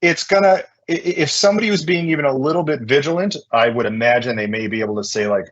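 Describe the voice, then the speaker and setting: Husky man presenting at a talk. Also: medium pitch, fast, hardly any pauses, lo-fi sound. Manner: energetic, chatty, many fillers. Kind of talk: conference presentation.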